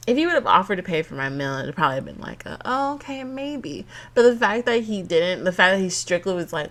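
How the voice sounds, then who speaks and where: A woman's voice: on the low side, moderate pace. Young woman podcaster, casual chatty storytelling, laughs a lot, voices the quotes. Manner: chatty, animated, laughs often, acts out quotes. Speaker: podcast host.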